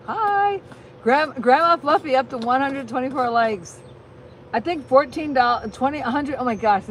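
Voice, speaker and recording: A woman hosting a casual live stream, chatting in a rambling, excitable way. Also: medium pitch, a little hiss or hum, low-quality recording. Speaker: livestream host.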